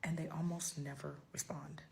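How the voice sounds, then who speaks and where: A woman's voice: low voice, flat delivery, moderate pace, creaky, very noisy. A woman giving a blunt, emphatic monologue to camera, her voice jumping up sharply when she drives a point home. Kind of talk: direct-to-camera social media monologue.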